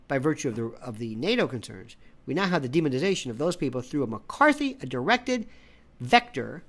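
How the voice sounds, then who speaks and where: Pitched in the middle with a fairly bright tone, this independent media analyst rants through an opinionated commentary. He hammers points home by repeating phrases and frequently acts out conversations he's quoting.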